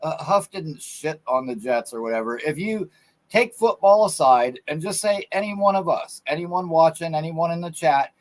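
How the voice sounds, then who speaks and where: A man calling in to a sports show, earnest and halting, with frequent restarts. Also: on the high side, expressive. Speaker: caller. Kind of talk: phone-in call.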